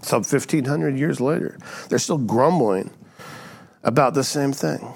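A man preaching to a church congregation in a relaxed, conversational teaching manner. His voice sits at a middle pitch, and he keeps tossing out rhetorical "right?"s as he walks through the text. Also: a little slow, gravelly, slightly rough. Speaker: pastor. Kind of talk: sermon.

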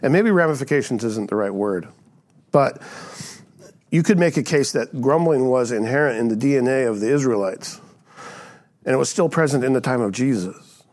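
A man's voice: medium pitch, animated, normal speed, long pauses, a little mellow. Man preaching a conversational sermon. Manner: conversational preaching, frequent rhetorical "right?". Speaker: pastor.

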